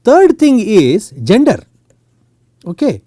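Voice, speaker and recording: A man with an Indian English accent giving a technical university lecture, halting often with fillers and tag words. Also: high-pitched, huge pitch swings, mellow, dry recording, studio quality. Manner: halting, full of "uh" and "okay" tags. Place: lecture recording.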